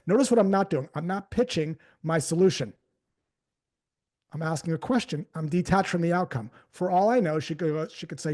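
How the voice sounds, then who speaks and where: A man's voice: a little high, animated, normal speed, a little mellow. A man giving a live sales training talk, casually telling stories and acting out the conversations in them.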